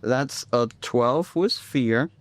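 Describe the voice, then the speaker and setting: A man's voice: medium pitch, very slow. Man reasoning through game rules. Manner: casual, working through rules out loud. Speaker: player. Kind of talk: tabletop game play.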